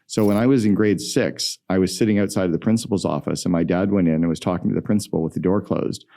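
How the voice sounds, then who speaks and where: A middle-aged man, a guest entrepreneur, telling stories in an energetic, emphatic way in a podcast interview. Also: low voice, fast talker, creaky.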